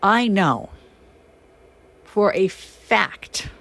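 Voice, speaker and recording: A woman hosting a podcast, telling stories in a casual, chatty monologue with many fillers and sudden emphatic rises in pitch. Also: drawn-out words. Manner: animated, emphatic, swings her pitch up when excited. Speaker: podcast host and shaman.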